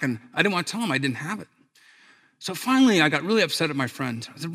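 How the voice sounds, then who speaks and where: A man speaking to an audience, spinning stories with lively energy and playing each character's lines. His voice is bright and fairly high, and it carries with a long reverb through a large hall. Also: fairly quick. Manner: animated storyteller, acts out quoted voices, laughs at his own stories. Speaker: speaker giving a talk. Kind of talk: storytelling talk to an audience.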